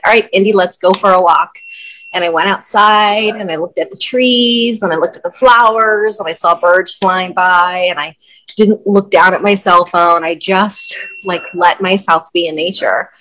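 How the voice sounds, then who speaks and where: A woman's voice: fairly low pitch, moderate pace, fairly bright tone, low-quality recording. A middle-aged woman, a wellness coach and podcast guest, telling a personal story candidly and conversationally with casual fillers.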